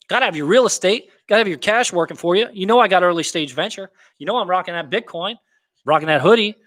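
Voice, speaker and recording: A man's voice: sits high, fairly bright tone. A man hosting a casual livestream, hyped and boastful, talking in slang and answering viewer comments.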